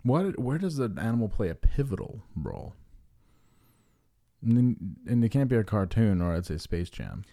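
A man's voice: fairly low pitch, sing-song, moderate pace, gravelly, warm tone, dry recording, clean studio sound. A man co-hosting a podcast, joking and cursing as he rambles through listener questions. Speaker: podcast co-host. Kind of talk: casual podcast banter.

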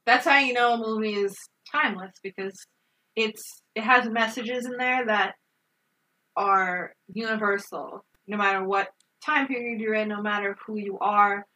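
A woman's voice: mid-range voice, normal speed, bright, forceful tone, recorded from a distance, rough recording. A woman co-hosting a podcast, retelling a film in an emphatic, profane and emotional way. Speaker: podcast co-host. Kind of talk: casual movie review chat.

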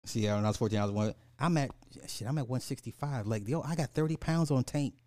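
A man's voice: mid-range voice, fast, a little mellow, no echo, studio quality. A man hosting a podcast, rambling in casual commentary, laughing and apologizing for going off track. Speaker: podcast host.

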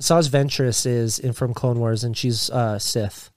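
A man's voice: medium pitch, steady tone, unhurried, no room sound, clean studio sound. A young man co-hosting a podcast in casual chat, joking, rambling and swearing freely. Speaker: podcast co-host.

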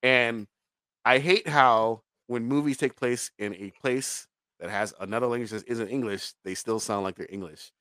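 A man's voice: medium pitch, normal speed, sharp tone, no echo. A man co-hosting a podcast, reviewing a movie in casual, rambling, profane chat and laughing often. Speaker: podcast co-host reviewing a film.

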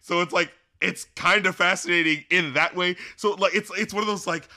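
A man talks through an album review on a casual podcast, rambling and animated, with lots of "like" and "you know". His voice sits fairly high and sounds bright and forceful. He acts out lyrics and studio scenes as he goes. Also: a little fast.

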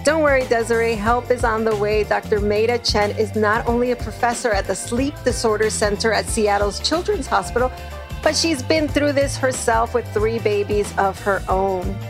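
Reassuring woman host over soft music. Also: on the high side, moderate pace. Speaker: podcast host. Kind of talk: scripted podcast narration.

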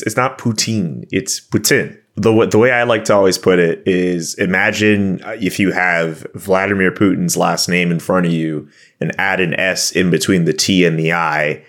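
A man's voice: deep voice, moderate pace. A man guesting on a hockey podcast, talking casually and loosely with lots of fillers. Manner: relaxed, rambling with many fillers.

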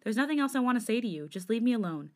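A woman's voice: on the high side, expressive, racing, voice pushed up, natural voice. A hot-tempered young man who snarls and swears, harsh and cutting in every line, as a woman reads him out. He comes through in a storybook reading, with his voice raised a little above the narrating one. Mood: contemptuous.

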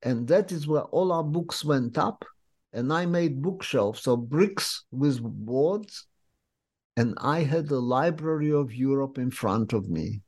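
An older man from Lithuania, recounting his memories in an interview as a vivid, unhurried storyteller. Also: mid-range voice, animated, a little mellow, slightly rough. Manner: vivid, unhurried storyteller with slightly non-native English phrasing. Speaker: interviewee, memoir author.

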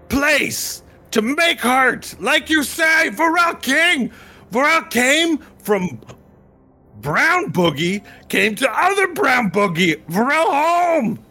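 A man voicing a boastful, war-hungry goblin king who shouts in broken speech. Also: very high-pitched, voice pushed up, full character voice.

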